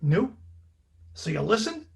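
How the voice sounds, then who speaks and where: A man's voice: high voice, sing-song, vocal fry, a little mellow, a little hiss or hum, full character voice. A man voicing a persistent, chatty elderly grandfather with a put-on accent in a one-man stage reading. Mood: pleading. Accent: put-on character accent. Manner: wheedling, pleading, talks fast over objections.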